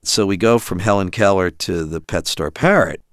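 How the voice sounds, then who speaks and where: Middle-aged father with a low voice, narrating his family's story with lively acted-out dialogue. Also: normal speed, no room sound, studio quality. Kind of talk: storytelling interview.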